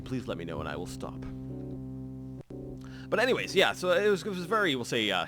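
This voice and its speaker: A man hosting a let's play, casually rambling through gameplay commentary with lots of fillers and self-corrections. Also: mid-range voice.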